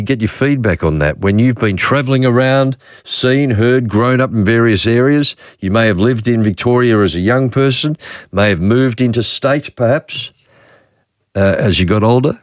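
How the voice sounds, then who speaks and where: A man's voice: mid-range voice, no echo. A middle-aged man with an Australian accent hosting casual talkback radio, musing aloud with chatty fillers at a close studio mic. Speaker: radio host.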